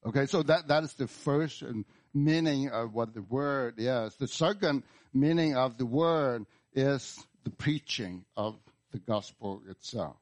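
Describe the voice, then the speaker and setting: Male pastor, slow sermon delivery, repetitive emphatic phrasing. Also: mid-range voice. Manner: slow, deliberate preaching with repeated words and emphatic restarts. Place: church.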